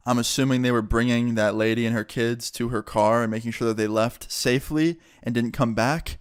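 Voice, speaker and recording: Brief: young male storyteller, casual and cussing, mid pitch, dry sound. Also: clear, resonant tone, dry recording. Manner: casual, profane, animated.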